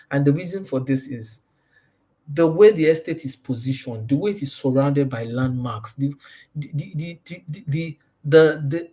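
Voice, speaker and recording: A man's voice: a little high, dark tone. Emphatic man coaching salespeople. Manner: emphatic and repetitive, stresses points by repeating them. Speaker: sales trainer. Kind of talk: motivational sales training talk.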